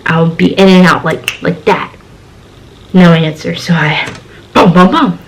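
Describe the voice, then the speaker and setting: A young woman telling a story to camera, acting out her own lines with big jumps in pitch. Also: flat delivery, unhurried, rough recording. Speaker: storytime vlogger.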